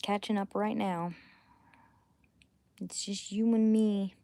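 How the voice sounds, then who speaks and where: A woman chatting casually on a late-night livestream at home, rambling between thoughts and often dropping to a hushed near-whisper. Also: mid-range voice, fairly even intonation, slow, gravelly, no room sound. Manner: rambling, drifting between thoughts while reading chat.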